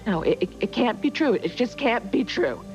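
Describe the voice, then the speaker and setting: A woman's voice: fairly high pitch, lively intonation, moderate pace, a little mellow, soft background music, close to an everyday voice. An actress playing an anguished mother who stammers and pleads in denial over a dull, muffled TV soundtrack. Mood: distraught. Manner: stammering, denying in panic. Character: anguished middle-aged mother, tearful and pleading. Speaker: distraught mother in a soap opera.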